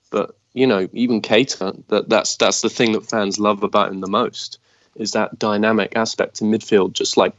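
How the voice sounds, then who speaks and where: A man's voice: fairly low pitch, no echo, dull audio. A man talking enthusiastically and easily about a young football player on a podcast. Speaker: podcast guest. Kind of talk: casual football chat.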